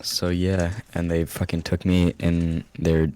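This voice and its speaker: A man's voice: monotone, takes it slowly, warm tone, smooth. A young man telling a story on a casual podcast, laughing often and swearing a lot. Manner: laughs often, swears a lot, jumps into high squeaky voices when quoting himself. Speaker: podcast co-host.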